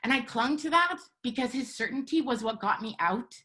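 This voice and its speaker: A woman telling a personal story live, in an earnest, measured way with halting pauses. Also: a little high, animated, sharp tone. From Canada.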